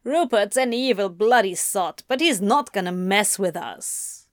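A woman's voice: medium pitch, lively intonation, unhurried, dry recording, clean studio sound, close to an everyday voice. A woman voicing a grumpy, blunt male demon who drawls coolly and swears. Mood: dry.

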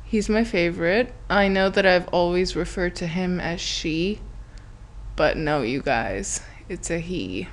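A woman's voice: fairly low pitch, lively intonation, normal speed, slight background noise. A woman hosting a podcast, telling a story in a chatty, giggly way, full of "like" and acted-out quotes. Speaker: podcast host. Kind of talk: casual storytelling monologue.

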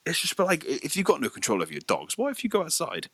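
A young man, telling a sweary, animated story in casual chat. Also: a little high, very fast, husky, no echo.

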